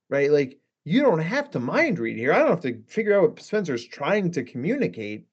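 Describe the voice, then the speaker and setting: A man speaking as a guest therapist in a casual podcast conversation, lively, acting out quoted lines with shifting inflection. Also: a little high, moderate pace, hardly any pauses. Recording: dull lo-fi sound.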